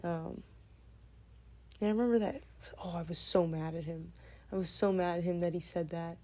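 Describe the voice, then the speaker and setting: A woman in her twenties telling a personal story casually, in a meandering, soft-spoken way. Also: fairly low pitch, fairly even intonation, moderate pace.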